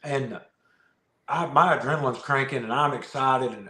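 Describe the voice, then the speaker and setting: A man guesting on a podcast, telling a fishing story in a casual, animated way, often laughing and repeating words. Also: mid-range voice, normal speed. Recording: roomy echo.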